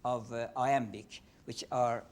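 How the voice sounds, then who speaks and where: An older man with a Persian accent giving a lecture on poetry, halting and full of fillers and restarts, speaking in a room with a faint low rumble. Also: steady tone. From Iran.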